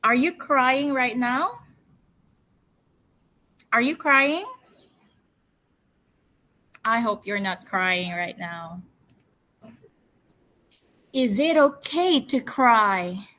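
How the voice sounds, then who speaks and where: A woman English teacher leading a storytelling lesson for children, coaxing them with cheerful questions and slow call-and-response word drills. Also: a little high, lively intonation, bright, forceful tone, low-quality recording.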